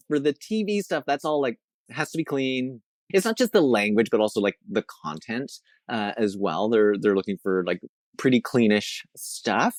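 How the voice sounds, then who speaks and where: A man's voice: medium pitch, animated, moderate pace, no echo, clean studio sound. A man from Canada, a veterinarian and comedian, chatting as a guest in a rambling, self-mocking way. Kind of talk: casual interview chat.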